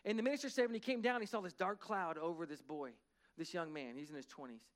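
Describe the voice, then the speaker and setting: High-voiced man preaching a story. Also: quick pace. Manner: dramatic retelling, swings from hushed to loud. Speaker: pastor. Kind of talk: sermon storytelling.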